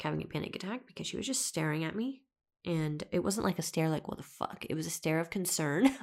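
A woman's voice: lowish voice, gravelly, darkish tone. A young woman hosting a podcast, telling a personal story in a chatty, dramatic way and swearing freely. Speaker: podcast host. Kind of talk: casual storytelling monologue.

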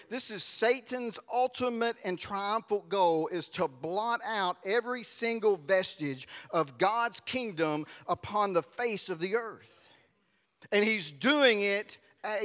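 A man preaches in a big church, his voice high and bright. He talks loosely and directly to the people in the pews. The sound carries a long hall reverb. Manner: animated, conversational, addresses congregation directly. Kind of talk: sermon. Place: church sanctuary.

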